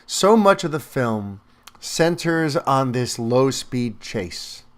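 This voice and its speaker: A man giving a casual spoken film review, animated and talkative, with lots of fillers and restarts. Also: mid-range voice, takes it slowly.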